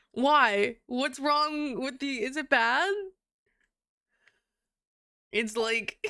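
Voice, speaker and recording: A young adult woman chatting casually with her live-stream viewers, giggly and animated, swearing now and then. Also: sits high, dry recording, clean studio sound.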